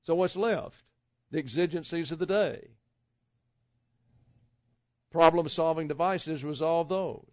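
A man's voice: fairly high pitch, no room sound. Male pastor, sermon delivery, rhetorical questions, lo-fi dull recording. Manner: measured preaching with rhetorical questions and asides.

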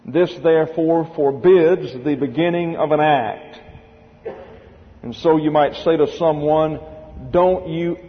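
A man's voice: on the high side, slow pace. Man lecturing methodically in a reverberant hall. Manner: methodical, spells words out letter by letter. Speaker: Bible teacher. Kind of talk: classroom lecture on Greek grammar. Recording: dull lo-fi recording with long hall reverb.

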